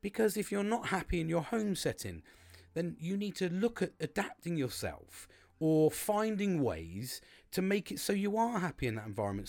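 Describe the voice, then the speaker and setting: A man talking through a casual motivational monologue, rambling and repeating himself, swearing freely. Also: fairly high pitch.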